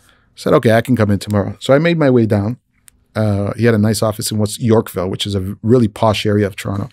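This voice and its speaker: A man's voice: quick pace, a little mellow, no room sound, clean studio sound. A man casually recounting a career story, often repeating and restarting words and acting out the lines of the people he quotes. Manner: retells conversations, often raising his pitch for the quoted speakers. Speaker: visual effects artist telling a career story. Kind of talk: casual personal anecdote.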